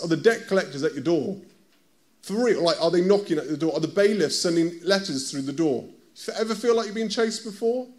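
A man with a British accent preaching a conversational sermon, often stopping to ask his listeners direct questions. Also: high voice. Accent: British English.

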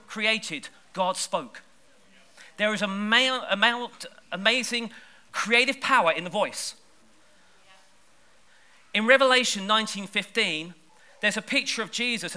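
Male preacher, high and piercingly bright, lively chatty sermon delivery with strong emphasis. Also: normal speed. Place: church service.

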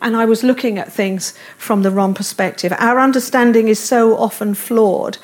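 A woman's voice: on the high side, fairly even intonation, normal speed. A middle-aged woman preaching a sermon in a church, earnest, with repeated affirmations and light self-deprecating humor. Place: church service room.

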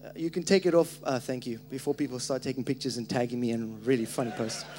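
A man pastor preaching a sermon in a church, energetic and animated, telling stories with joking asides. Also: mid-range voice, quick pace, soft background music. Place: church hall.

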